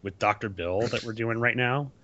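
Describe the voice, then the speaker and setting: Low-voiced joking man, muffled sound. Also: normal speed, crowd noise. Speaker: podcast co-host. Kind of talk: casual chat. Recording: dull, muffled sound with faint music.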